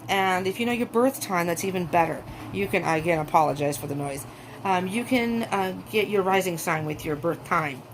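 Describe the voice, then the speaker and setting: Rambly woman doing a tarot read at home, lowish voice, fan humming faintly behind. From California. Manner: rambling, chatty, laughs often. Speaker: tarot reader. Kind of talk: casual chatty tarot reading. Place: upstairs room at home with fan going. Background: faint fan noise.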